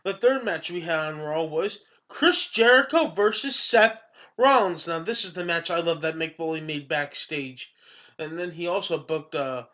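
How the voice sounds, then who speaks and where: A man's voice: a little high, moderate pace, pushed and bright. A young man giving a casual, rambling recap of a wrestling show as its regular host. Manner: rambling, hypes openings, retells quotes.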